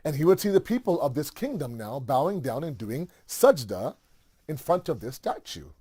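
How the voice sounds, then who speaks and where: A man's voice: on the high side, sing-song, moderate pace, dark tone, slightly rough. Guy retelling a holy story, chatty, keeps saying like and you know. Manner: conversational, full of fillers and asides. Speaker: religious storyteller. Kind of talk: casual religious storytelling.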